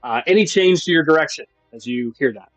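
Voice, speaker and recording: A man running a tabletop game as game master, describing scenes at length with many pauses and restarts. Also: a little high, animated, dry recording, rough recording. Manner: descriptive, with frequent fillers and restarts. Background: faint music.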